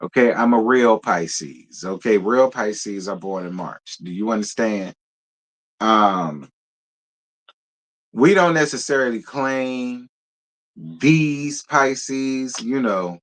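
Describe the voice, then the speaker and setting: A man hosts a casual live stream and talks straight to his viewers. He is sassy and animated, with a mid-range voice. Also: mid-range voice, slow. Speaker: live show host.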